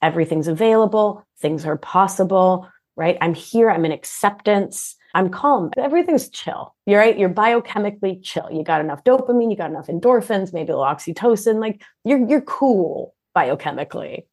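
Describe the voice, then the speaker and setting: Animated woman guest explaining ideas. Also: medium pitch, moderate pace, few pauses. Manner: animated, expressive explainer, often asks "right?". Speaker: podcast guest, nurse practitioner and coach. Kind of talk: conversational interview.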